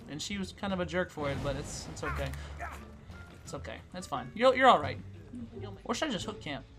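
A gaming YouTuber with a mid-range voice casually commentates on her own gameplay. She playfully taunts the other players, veering from quiet mutters to loud squeals.

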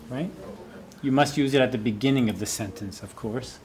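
A man's voice: mid-range voice, a little fast, a little mellow. A man who is a university professor, giving a classroom lecture and repeating key phrases for students to echo.

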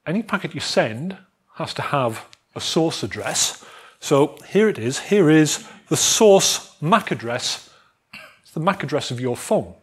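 Man, fairly high voice, jovial lecturer, animated tech talk, playful asides. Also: breathy edge. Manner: jovial, animated, acts out phones calling for networks. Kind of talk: technical talk to a student society.

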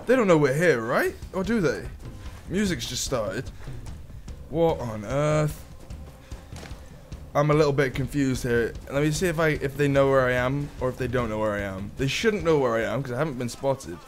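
A young man, a gaming YouTuber, chatting casually through gameplay with quick surprised exclamations. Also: medium pitch, lively intonation, faint music behind. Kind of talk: live gameplay commentary.

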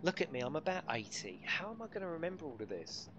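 A man's voice: fairly high pitch, big pitch swings, fast talker, dull audio, noisy background. A middle-aged man, live-streaming a racing game and bantering and swearing with his chat. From United Kingdom.

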